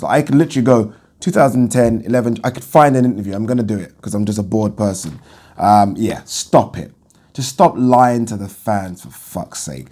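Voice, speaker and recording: A man's voice: fairly low pitch, dark tone. A man hosting a boxing channel, giving blunt, opinionated casual commentary and swearing when annoyed.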